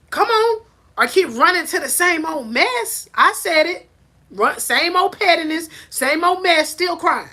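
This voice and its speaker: A woman life coach speaks unhurriedly in a very high-pitched voice during a live-streamed motivational talk on faith. Her tone is preachy and animated, regularly rising almost to a shout.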